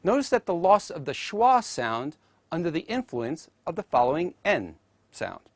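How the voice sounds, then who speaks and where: In a scripted educational narration, a teacher speaks carefully and deliberately, voicing example sounds aloud as models. The medium-pitched delivery is sing-song, and the recording is dry.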